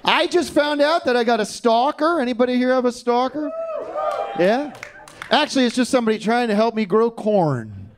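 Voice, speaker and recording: Male stand-up comic, high lively voice, stumbles and restarts through his jokes. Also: noisy background. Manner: halting, stumbling joke delivery with restarts. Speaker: stand-up comedian guest. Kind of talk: stand-up comedy bit.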